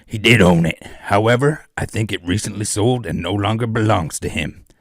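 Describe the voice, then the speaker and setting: A man voicing a defensive, curt evil cowboy, loud and clipped. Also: lowish voice, normal speed, no room sound, studio quality.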